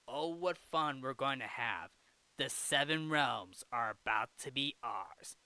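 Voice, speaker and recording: A man voicing a tiny, gloating alien worm villain in a slow, menacing low voice. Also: animated, sharp tone, dry recording, exaggerated voice.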